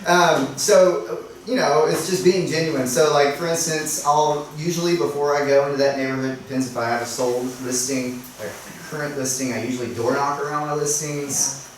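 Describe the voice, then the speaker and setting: A man's voice: a little high, steady tone, normal speed. A man speaking casually to a small workshop group, chatty and self-deprecating, acting out doorstep conversations and often asking "right?". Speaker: realtor sharing tips at a workshop. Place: meeting room at a workshop. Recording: echoey room, speaker far from the mic, faint noise.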